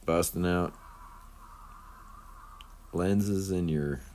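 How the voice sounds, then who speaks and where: Man, very deep voice, rambling casual voice-over, laid-back, filler-heavy, faint background noise. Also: drawn-out words, a little mellow. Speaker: RC crawler channel host.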